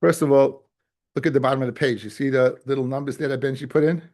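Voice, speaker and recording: A man with a mid-range, steady, somewhat dark voice talks fast while teaching a Talmud class. He repeats key points and phrases, restarts sentences to drive ideas home, and keeps asking his students, whom he calls guys and fellas, whether they follow.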